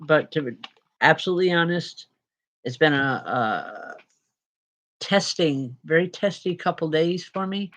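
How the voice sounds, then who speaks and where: A tired woman medium giving live spirit readings to viewers, chatty and unhurried with frequent restarts. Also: low voice, animated, fairly bright tone.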